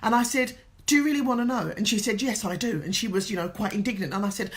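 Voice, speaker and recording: A woman's voice: mid-range voice, lively intonation, fast, slight background noise. A woman life coach from England telling an earnest, emotional motivational story, tearful at times. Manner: emotional, earnest, tells a story with quoted dialogue.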